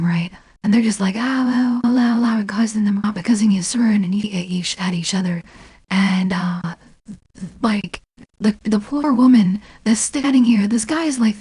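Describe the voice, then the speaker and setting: A woman with a somewhat high, mellow and very breathy voice tells a long story in casual stream chat. She rambles, with lots of fillers and restarts, and swears freely. The sound is dry and close, with no room around it. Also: no echo.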